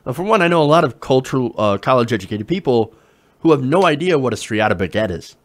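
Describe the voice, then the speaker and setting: A man's voice: mid-range voice, very animated, fast talker. Sarcastic man ranting on politics. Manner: sarcastic, incredulous, swears casually. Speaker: political commentary host. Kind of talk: opinionated news commentary.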